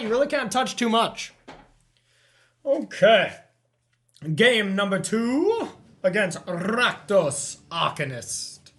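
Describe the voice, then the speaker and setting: A man's voice: high-pitched, fairly bright tone. Man thinking aloud over a card game. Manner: thinks aloud, counting and checking plays. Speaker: host playing a card game. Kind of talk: casual gameplay commentary.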